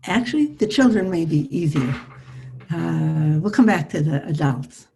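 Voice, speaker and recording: An older woman psychologist teaching a live online workshop over a video call, with a calm, soothing coaching manner. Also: sits low, a little slow, creaky.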